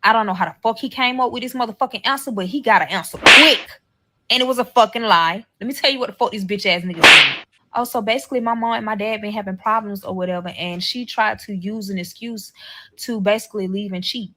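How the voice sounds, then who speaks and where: A woman recounts a chaotic personal story straight to her viewers, swearing constantly and acting out the lines of the other people. Her voice sits in the middle range and keeps the loose, animated rhythm of spoken storytelling. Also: medium pitch, fast talker, heavy background noise. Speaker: storyteller in a played clip.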